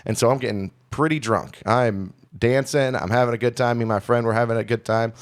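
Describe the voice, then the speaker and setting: A man's voice: mid-range voice, steady tone, fairly quick. A young man co-hosting a comedy podcast, telling a long personal story in a candid, rambling way full of restarts. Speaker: podcast co-host. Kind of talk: casual storytelling chat.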